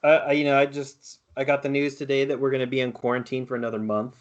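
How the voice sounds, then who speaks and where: A man's voice: mid-range voice, completely flat delivery, quick pace. A man who is a regular on a gaming podcast, chatting casually with wry venting. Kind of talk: casual chat. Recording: dull lo-fi audio.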